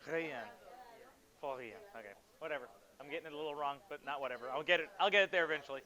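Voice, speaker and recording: A man teaching a high school math class, quizzing students and joking with them in a classroom. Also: rapid-fire, pushed and bright. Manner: instructive, asks students questions.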